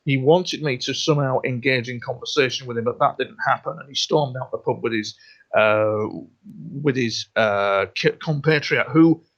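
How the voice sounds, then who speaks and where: A man with a mid-range voice speaks at a moderate pace as a guest on a radio interview. He talks earnestly but rambles, often repeating himself and restarting sentences, and the recording sounds dull and lo-fi.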